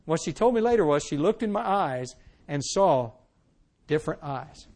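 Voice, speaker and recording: A high-voiced man gives his testimony from the pulpit. His storytelling is animated, rising loud and dropping to a hush, and he acts out every line he quotes. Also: moderate pace, vocal fry. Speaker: preacher giving his testimony. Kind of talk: sermon testimony.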